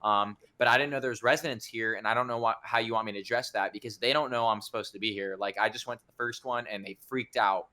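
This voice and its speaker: A young man telling a story in a casual podcast chat, animated and swearing a lot as he acts out the people in it. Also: medium pitch, fast talker, few pauses.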